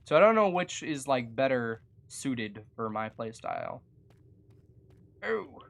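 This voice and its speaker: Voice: mid-range voice, big pitch swings, slow, creaky, fairly bright tone. Chatty self-mocking gaming streamer. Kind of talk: casual live gameplay commentary.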